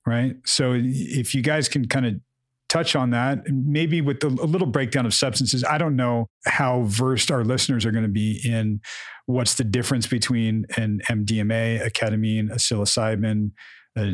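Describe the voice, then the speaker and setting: A man's voice: medium pitch, fairly even intonation, moderate pace, no room sound. A man hosting a podcast, guiding the talk with loosely phrased questions. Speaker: podcast host. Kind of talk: casual podcast conversation.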